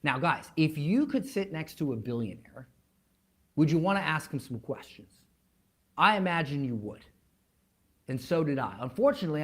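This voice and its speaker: A man speaking as a motivational speaker, telling a story to an online audience, emphatic and repeating words as he builds up, then dropping almost to a whisper. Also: fairly high pitch. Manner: emphatic, with dramatic drops to near-whispers.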